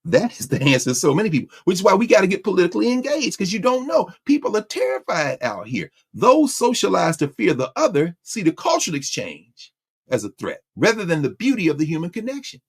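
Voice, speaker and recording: A man's voice: high voice, wildly swooping pitch, brisk, breathy edge. A man hosting a lecture show, giving fiery, sermon-like political commentary with slang, sarcasm and laughter. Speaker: host and lecturer.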